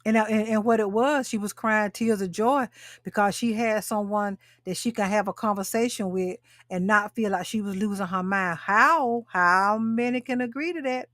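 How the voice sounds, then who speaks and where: Speaking at a moderate pace in a fairly bright, medium-pitched voice, a woman in her 60s hosts a live talk show and coaches other women via webcam or phone mic. The recording is dry and clean like a studio, and she talks emphatically, repeating herself and addressing viewers.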